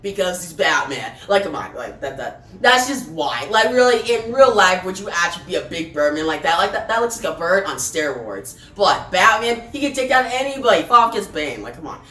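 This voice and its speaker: A woman's voice: fairly low pitch, big pitch swings, normal speed, hardly any pauses, bright, forceful tone. A woman casually recapping and reviewing a comic, loose and chatty with plenty of restarts and filler words. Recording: roomy, distant from the mic, faint music behind.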